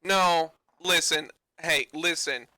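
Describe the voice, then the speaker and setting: Bright-voiced Canadian game master. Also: male voice, fairly high pitch, slow pace, no room sound, clean studio sound. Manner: casual, swears, rambling rulings. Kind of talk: running a tabletop game, casual.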